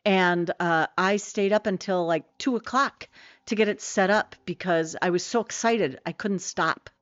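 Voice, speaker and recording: A woman's voice: mid-range voice, normal speed, no echo, dull audio. A middle-aged woman streaming a game, chatting casually with viewers in a rambling way full of fillers and self-corrections.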